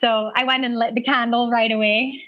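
A woman in her thirties with a fairly high voice tells her story in a chatty, rambling way, full of "like" fillers and frequent laughter. The recording sounds dull and lo-fi. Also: little pitch movement, brisk. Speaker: guest sharing her birth story. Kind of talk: casual storytelling.

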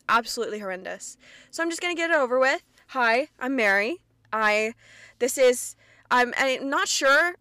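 A woman's voice: a little high, sharp tone, no echo, clean studio sound. A woman of twenty from rural Kentucky hosting her own podcast in a rambling, casual monologue, swearing freely and poking fun at herself. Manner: chatty, rambling, frequent swearing, self-deprecating. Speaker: podcast host.

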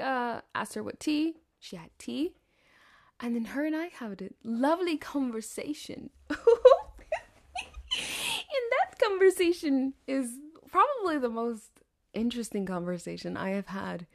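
A woman's voice: a little high, gravelly. A young adult woman from the American South telling a rambling story in a chatty monologue, swearing freely and laughing often. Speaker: podcast host.

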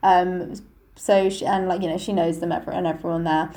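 A woman's voice: fairly low pitch, little pitch movement, a little fast, dark tone. A young woman co-hosting a podcast, retelling a plot in casual chat with dry sarcasm. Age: young adult. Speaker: podcast co-host.

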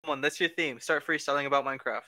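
Giggly young man, bright dry voice. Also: a little high, steady tone, quick pace, no echo. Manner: giggly, teasing, breaks into laughter. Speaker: podcast host. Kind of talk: casual chat.

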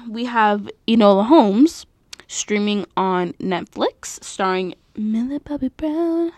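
Chatty young woman, rambling and higher-pitched. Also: no room sound. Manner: rambling, self-correcting, easily distracted. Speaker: reviewer. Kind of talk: casual review vlog.

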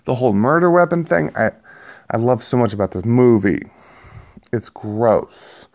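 A man's voice: mid-range voice, expressive, a little slow, darkish tone. Rambling, profane man reviewing a movie. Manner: rambling, profane, laughs at himself. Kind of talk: casual movie review vlog.

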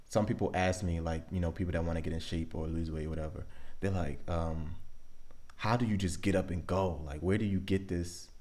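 A young man with a Baltimore accent hosting a casual solo podcast, talking things through in a relaxed, conversational way with plenty of "like" and "um". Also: low-pitched. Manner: relaxed, conversational, thinks aloud with frequent "like" and "um". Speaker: podcast host.

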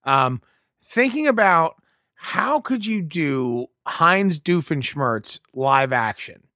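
A male podcast co-host in casual chat who muses aloud and often restarts his sentences. His voice sits a little high with a bright tone, recorded close and dry. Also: expressive, dry recording. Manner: halting, restarts often, musing.

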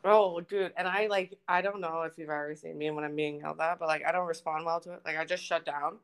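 A woman's voice: deep voice, fast talker, clear, resonant tone. A young woman co-hosting a podcast, chatting casually and telling a story with lots of swearing. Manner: swears a lot, animated storytelling. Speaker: podcast co-host. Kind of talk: casual chat.

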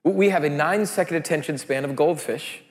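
A male pastor in his thirties preaching a sermon in a high, bright voice. He tells stories with animated energy and loud excited peaks. His voice rings with the long reverb of a large church hall. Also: fairly quick, a little hiss or hum.

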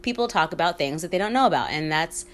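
A woman hosting her own casual solo podcast, talking candidly in a hushed half-whisper, swearing freely and laughing often. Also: on the low side, expressive, fast talker, a little hiss or hum. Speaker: podcast host.

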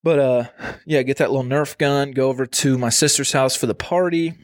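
A man's voice: fairly even intonation, fairly quick, no room sound. A young man hosting a podcast, telling casual rambling stories with lots of swearing and mock voices for the people he quotes. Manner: profane, rambling, acts out quotes in a higher voice. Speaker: podcast host. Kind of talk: casual storytelling.

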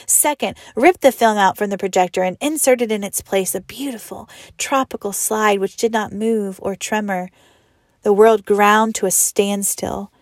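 Expressive woman reading a story aloud. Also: medium pitch, dry recording, studio quality. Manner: expressive, slows and drops to a whisper for effect. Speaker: story reader.

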